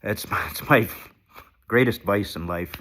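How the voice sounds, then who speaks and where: A man's voice: on the low side, unhurried, bright, forceful tone. A man vlogging into a handheld phone while sick and shaky, with stuffed-up sinuses, rambling, swearing and putting himself down. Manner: rambling, sweary, self-deprecating. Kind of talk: casual confessional vlog.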